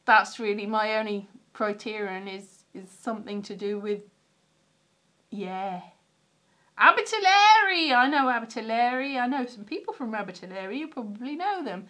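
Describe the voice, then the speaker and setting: A woman's voice: medium pitch, moderate pace, fairly bright tone. A woman from Wales, a comedian, chatting casually on a livestream from her stairs, rambling, greeting viewers and restarting sentences. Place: sitting on stairs at home.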